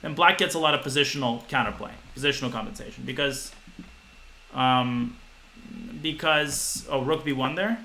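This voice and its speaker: A man in his twenties giving a live-streamed chess lesson, talking fast to his viewers and thinking aloud. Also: mid-range voice, creaky, sharp tone, slight background noise, poor audio. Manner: quick, talks to chat, thinks aloud with restarts.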